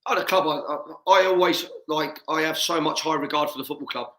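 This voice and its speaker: Bright-voiced English ex-footballer, echoey room. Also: male voice, fairly high pitch, fairly even intonation, fairly quick. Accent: English, Watford area. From England. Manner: warm, laughs often, matey banter. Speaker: guest, former footballer. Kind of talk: casual video-call chat.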